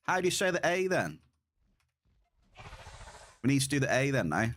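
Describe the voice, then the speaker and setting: A man's voice: mid-range voice, big pitch swings, normal speed, background noise. A man live-streaming a game, chatting casually and laughing at his own attempts to pronounce words. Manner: laid-back, chatty, laughs at own pronunciation.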